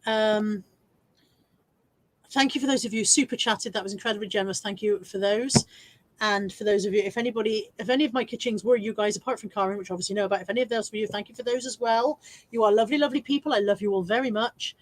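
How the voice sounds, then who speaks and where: A woman's voice: mid-range voice, fast, low-quality recording. A woman chatting casually on her regular live stream, laughing often and joking at her own expense.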